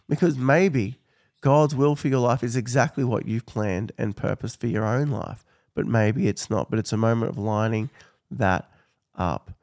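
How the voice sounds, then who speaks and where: A man's voice: mid-range voice, vocal fry, a little mellow, no room sound, clean studio sound. A man, hosting a podcast in a casual, earnest teaching style and laughing often. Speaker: podcast host.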